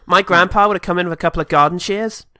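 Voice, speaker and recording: A man's voice: high voice, fast, sharp tone, no echo, studio quality. A man co-hosting a comedy podcast, talking in a sarcastic, profane, jokey way and slipping into mock voices. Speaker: podcast co-host. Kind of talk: casual comedic film chat.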